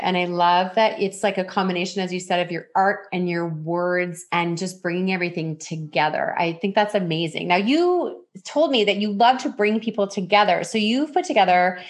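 Podcast host, woman; eager, chatty, laughs often. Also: mid-range voice. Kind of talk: casual interview chat.

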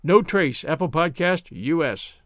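A man's voice: fairly high pitch, expressive, measured pace, a bit bright, no room sound, studio quality. A man hosting a podcast, giving a scripted sign-off with thanks to listeners in an upbeat announcer manner. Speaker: podcast host.

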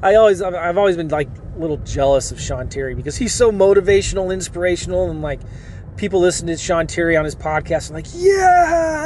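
A middle-aged man gives a casual, energetic podcast pep talk from his parked car, with a somewhat high voice. He rambles, restarts his sentences and pushes hard on his points. Faint car and street sounds hum behind him. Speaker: podcast host and coach. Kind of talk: casual motivational podcast monologue.

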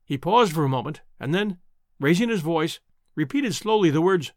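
A man narrating a classic novel aloud in a measured, expressive way. His voice sits a little high and swings widely in pitch. The recording is dry and close, with no room sound. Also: no room sound. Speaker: audiobook narrator.

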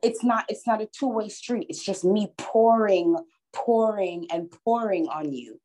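A woman's voice: mid-range voice, measured pace, dark tone, low-quality recording. A woman co-hosting a casual conversation, making her points with emphatic repetition. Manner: emphatic, repeats words for stress. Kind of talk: casual chat.

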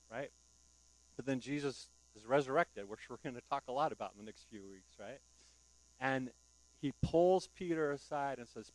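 A man's voice: mid-range voice, rough recording. A male pastor giving a conversational sermon, often asking the congregation rhetorical questions. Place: church.

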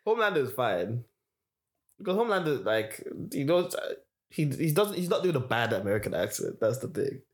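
A man's voice: mid-range voice, very animated, a little fast. A young man in casual podcast chat, laid-back and slangy, laughing often between remarks. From Britain.

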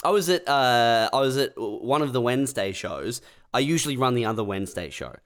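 A man with a mid-pitched voice, chatting on a podcast. He tells sweary anecdotes about his comedy shows in a laid-back way and acts out the people in them. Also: animated, fairly quick. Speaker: stand-up comedian and show runner. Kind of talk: casual podcast chat.

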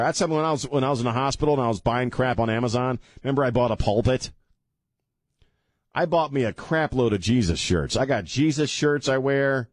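A man's voice: medium pitch, a little fast, dry recording, clean studio sound. A man hosting a talk radio show, rambling casually and joking at his own expense, then turning earnest about faith. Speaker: radio host. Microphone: studio mic with headphones.

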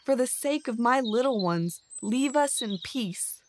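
Soft-spoken father badger begging for his children, slow and gentle, read by a woman narrator. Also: fairly high pitch, lively intonation, a little hiss or hum. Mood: quiet. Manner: gentle, pleading. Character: kind, wronged male father badger.

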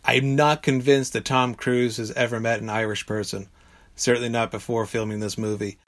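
A man giving measured, explanatory interview answers, pausing often with "uh". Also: mid-range voice, fairly even intonation. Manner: measured, hesitant with many "uh"s. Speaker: interviewed expert.

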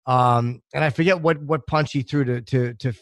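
A man co-hosting a podcast in casual chat, tired and low-key, speaking hesitantly with many fillers. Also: steady tone, normal speed, no echo, studio quality. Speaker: podcast co-host.

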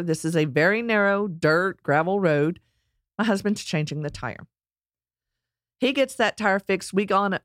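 A middle-aged woman telling a personal story in a casual, animated way, acting out quotes and laughing along. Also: on the low side, no echo, studio quality.

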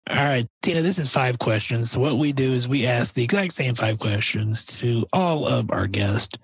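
A man's voice: medium pitch, normal speed, vocal fry, breathy edge, no room sound, soft background music. A man hosting a podcast, who asks the guest questions in an easygoing, laid-back way. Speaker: podcast host. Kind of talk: casual podcast interview.

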